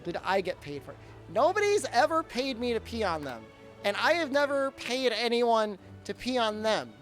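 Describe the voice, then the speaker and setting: Animated rambling male streamer. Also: extremely high pitch, moderate pace, faint music behind. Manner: rambling storyteller, frequent fillers and restarts. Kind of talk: casual chat during a live game stream.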